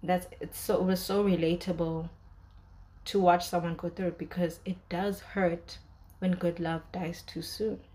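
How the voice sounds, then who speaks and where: Young adult woman, casual reviewer, low-ish voice, emotional and rambling. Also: flat delivery, a little slow, mellow. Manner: emotional, talkative, many fillers and restarts. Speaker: drama reviewer. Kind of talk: casual commentary.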